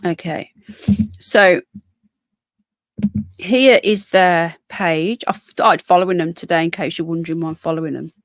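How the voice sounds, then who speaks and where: A woman's voice: lowish voice, measured pace, pauses often, dry recording. A woman hosting a casual live stream, tired and yawning, chatting to her viewers and breaking off to talk to her pets. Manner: chatty, talks to viewers and pets in between points. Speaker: livestream host. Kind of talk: casual live-stream chat, reading comments.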